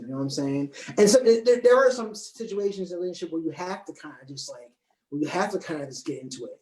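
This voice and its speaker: A man talking calmly and deliberately in a casual discussion, often repeating words as he works out his point. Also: fairly high pitch. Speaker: panel guest. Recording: echoey room.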